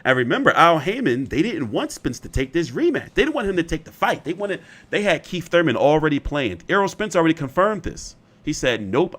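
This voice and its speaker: A man's voice: a little high, fairly bright tone. A man hosting casual boxing commentary, rambling and opinionated, often profane.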